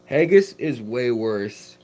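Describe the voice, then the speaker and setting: Next to his fish tanks, this American live-stream host answers viewers' messages in a loose, rambling way, often restarting and saying um. He speaks slowly and animatedly at medium pitch, with a warm tone.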